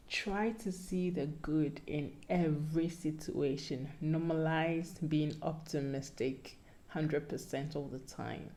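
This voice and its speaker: A woman's voice: low voice, mellow. A young Ghanaian woman vlogging casual advice in a playful, pleading way that sometimes sounds like a sermon.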